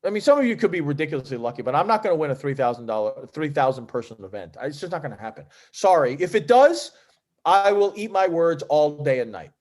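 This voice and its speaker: A middle-aged man tells his stories with a lively, swooping voice that sits a little high. He slips into the voices of the people he talks about. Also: fast talker. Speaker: professional poker player guest. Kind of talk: animated podcast storytelling.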